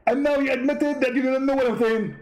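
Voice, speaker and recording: A man's voice: fairly even intonation, fairly quick, darkish tone, low-quality recording. A man voicing a mocking impression of a boastful, smug male preacher. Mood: gloating. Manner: pompous, gloating, high-pitched.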